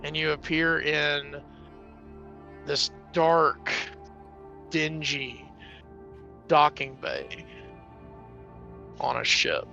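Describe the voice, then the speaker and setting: A man playing a tabletop game who takes over as villain, gloating slowly. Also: fairly high pitch, gravelly, pushed and bright, highs cut off, soft background music. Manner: slow, gloating delivery. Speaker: player taking over as villain. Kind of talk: tabletop role-play.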